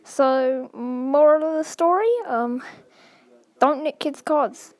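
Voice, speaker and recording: A woman's voice: high-pitched, takes it slowly, no echo. A woman telling a casual storytime vlog, rambling and full of "like" and "um" fillers. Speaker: vlogger.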